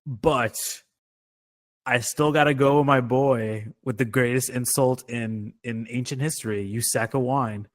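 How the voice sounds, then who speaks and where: Man, podcast co-host, mid pitch, casual and profane, chatty. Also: steady tone, measured pace. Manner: loose, profane, laughs easily. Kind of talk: casual movie chat.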